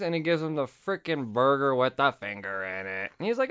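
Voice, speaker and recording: Man, podcast host, casual comic recap, swears a lot, smooth voice, dull lo-fi sound. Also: mid-range voice. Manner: profane, animated retelling with quick voice impressions.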